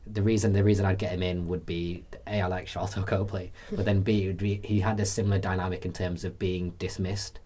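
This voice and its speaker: A man's voice: low voice, level tone, a little fast, few pauses, mellow. A man hosting a film podcast, explaining his ideas in a rambling, self-deprecating way. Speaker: podcast host. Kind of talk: casual film chat.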